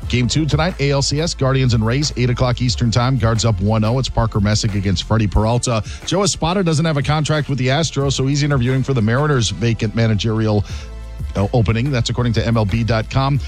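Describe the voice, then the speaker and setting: A man delivering a sports news update in a steady, matter-of-fact way. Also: mid-range voice, fast, soft background music.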